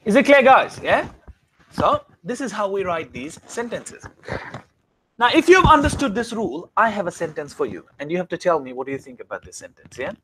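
A man teaching a classroom grammar lesson, often stopping to ask the students whether it is clear. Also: high voice, very animated, fairly quick, fairly bright tone, slight background noise. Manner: keeps checking understanding with questions.

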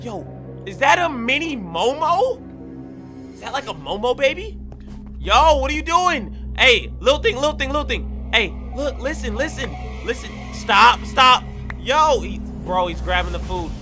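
A young man hosting a game role-play, talking in an excitable, slangy way with loud reactions. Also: very high-pitched, unhurried. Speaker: gaming channel host. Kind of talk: Minecraft role-play commentary. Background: background music.

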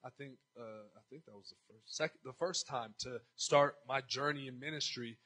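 A male pastor preaching a storytelling sermon, animated and acting out conversations, breaking into shouts. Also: medium pitch, normal speed, slightly rough, poor audio.

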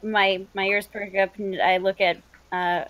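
A woman playing her character Vala in a tabletop game, describing and speaking in quick turns. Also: medium pitch, little pitch movement, dry recording, muffled recording. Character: female character Vala greeting old friend. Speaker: player.

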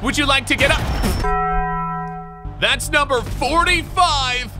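Young male gamer, high and animated, tired, loud game music behind. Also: slow, pauses often. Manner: excitable, yelling at the game, crude jokes. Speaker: gaming YouTuber. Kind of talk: live gameplay commentary.

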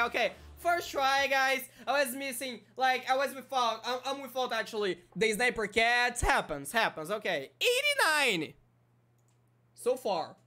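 Guy narrating his game, mumbles then gets loud and hyped, faint music under it. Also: high voice. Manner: excitable, swings from muttering to shouting. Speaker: gaming YouTuber. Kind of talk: casual gameplay commentary.

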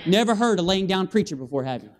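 This guest preacher talks fast in a voice that sits high, giving an animated evangelistic sermon in a church sanctuary. He seeks amens from the congregation through call-and-response and acts out scenes using vocal sound effects.

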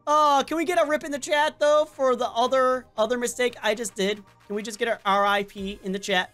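A woman hosting a casual game playthrough, reacting with excitable, dramatic exclamations and groans. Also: on the high side, brisk, soft background music. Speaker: gaming channel host. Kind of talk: casual let's-play commentary.

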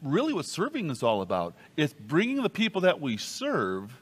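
A man leads a church Bible study in a very animated way, acting out the voices in the passages he reads. His pitch rises and falls widely. The recording carries a long hall reverb. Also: moderate pace, breathy edge. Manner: animated, acts out quoted speech with big pitch jumps. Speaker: pastor co-leading Bible class. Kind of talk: Bible study teaching and scripture reading. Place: church room.

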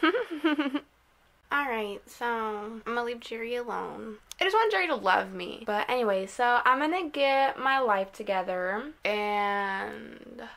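A woman's voice: a little high, animated, slow, vocal fry, a bit bright, recorded from a distance. A young woman vlogging in a casual, rambling, giggly way. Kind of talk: casual vlog chat.

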